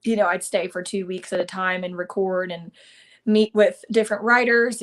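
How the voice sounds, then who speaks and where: A woman's voice: mid-range voice, fairly even intonation, moderate pace. A woman, a country singer, talking casually in a live interview over a video call, with lots of fillers and restarts. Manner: chatty, many fillers and restarts. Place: home in Nashville, live stream.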